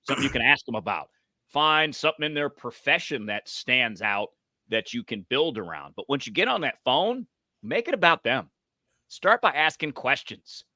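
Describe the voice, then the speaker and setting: A man's voice: medium pitch, very animated, normal speed, bright, forceful tone, no room sound. A man, a former radio voice, giving conversational advice on using the voice, swinging up and down for emphasis. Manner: uses his voice up and down for emphasis. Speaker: podcast guest, voice coach.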